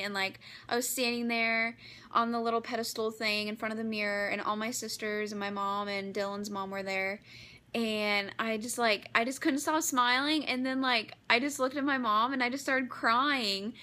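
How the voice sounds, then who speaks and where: A young woman in her twenties talks straight to her camera in an easy, gushing chat, dropping "like" into nearly every phrase. Her voice sits a little high and sounds bright and forward. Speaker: beauty vlogger.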